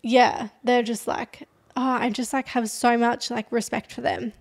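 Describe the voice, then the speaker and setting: A woman's voice: on the high side, little pitch movement, measured pace, vocal fry, slightly rough. A woman hosting a podcast, casually retelling a true-crime story with lots of "like" fillers and dramatic emphasis. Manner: chatty, heavy use of "like" as filler. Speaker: podcast host.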